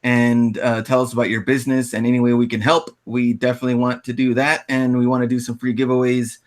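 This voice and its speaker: Chill guy co-hosting a reseller chat, laughs a lot, quick asides. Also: mid-range voice, level tone. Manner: laid-back, laughs often, quick asides. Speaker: podcast co-host. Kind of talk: casual chat.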